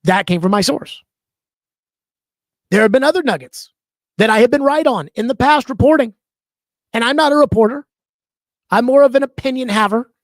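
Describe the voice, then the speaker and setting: A man's voice: very high-pitched, moderate pace, long pauses, dry recording. A man hosting a sports talk show, giving opinionated commentary in an emphatic, conversational way and stretching out key words.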